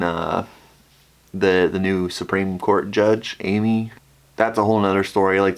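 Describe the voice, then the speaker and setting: A man with a fairly low voice tells a personal story straight to the camera in an easy, chatty way. He gets animated and jumps into the voices of the people he quotes. He sounds like a vlogger in his thirties speaking in a room lit by a ring light.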